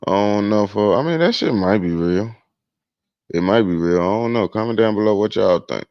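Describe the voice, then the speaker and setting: A man's voice: fairly low pitch, expressive, normal speed, lo-fi sound, soft background music. A young man commenting casually in slang, swearing and sounding fed up.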